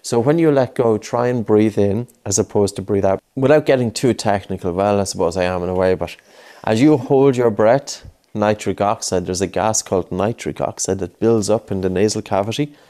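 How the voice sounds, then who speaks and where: A man teaches a child breathing exercises, gently coaxing and going over his cues again and again. His voice is lowish and dark, at a moderate pace.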